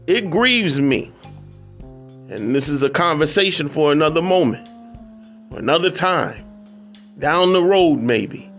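A male radio host delivers community promos and a talk on faith at an unhurried, deliberate pace. His voice sits a bit high and he preaches with repetition for emphasis. Faint guitar plays softly underneath. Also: lively intonation. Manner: preacherly, repeats phrases for emphasis.

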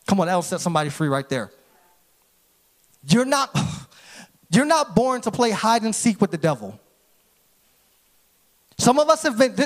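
A man in his thirties preaching a sermon with energy, sometimes rising to shouts. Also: very high-pitched. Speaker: pastor.

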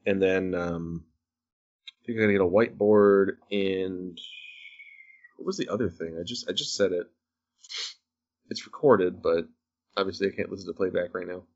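A man's voice: sits low, normal speed, long pauses, a little mellow, dull audio. A man in his thirties chatting casually on a call, joking and rambling with a self-deprecating streak. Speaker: podcast host. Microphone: phone call.

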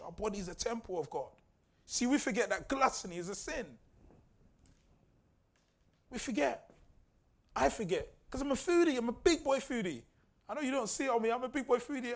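A male pastor preaching a sermon in a conversational, humorous way, repeating key lines for emphasis. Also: high voice.

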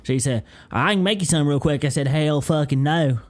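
A man's voice: fairly high pitch, normal speed, lightly acted. A man with a put-on Southern US accent voicing a cranky small-town man who tells complaining stories full of cursing. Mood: grumbling. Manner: put-on drawl, story-telling, cursing.

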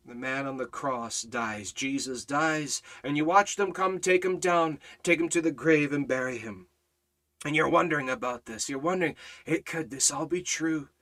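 Man, sermon preacher, bright voice, somewhat high pitch, hushed lows, loud climaxes. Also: moderate pace. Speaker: Bible study teacher. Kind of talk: impassioned sermon.

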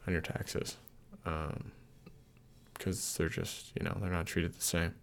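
Man, podcast host; very low, gravelly, animated delivery, teasing banter. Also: slow. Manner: laughs often, teasing. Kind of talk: casual podcast chat.

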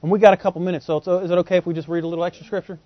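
A man's voice: sits high, steady tone, very fast, dry recording, dull audio. A man preaching a sermon in a joking, folksy way, with slang, who often asks the congregation questions.

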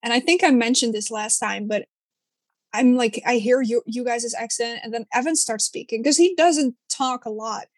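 A woman's voice: fairly high pitch, normal speed, no echo. Young non-native English-speaking woman, dry sound. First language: not English. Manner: animated, filler-heavy, swears casually. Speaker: conversation partner. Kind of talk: casual chat.

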